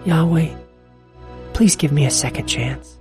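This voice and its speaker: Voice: medium pitch, a little slow, close to an everyday voice. A storyteller voicing a tired young man torn by guilt, speaking in a pleading, strained voice over faint music. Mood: remorseful. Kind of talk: storybook reading.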